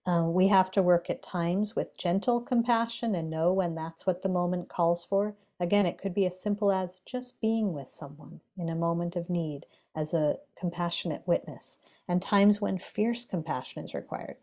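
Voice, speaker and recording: Pausing often and using fillers, a meditation teacher shares her thoughts as a podcast guest. She is measured, gentle and reflective, and her pitch is fairly low.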